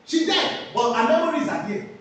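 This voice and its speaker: A woman's voice: sits high, animated, fairly quick, slight background noise. A woman teaching a class, asking questions and answering them herself. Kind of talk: classroom lecture with call-and-response questions. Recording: echoey room, voice from far off.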